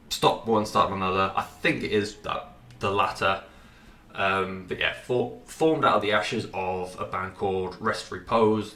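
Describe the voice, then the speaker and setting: Low bright-voiced guy with a runny nose, rambling music review full of ums, kinda far from the mic in an echoey room. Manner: rambling, sweary, many fillers and restarts. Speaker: podcast host reviewing music. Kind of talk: casual music review monologue.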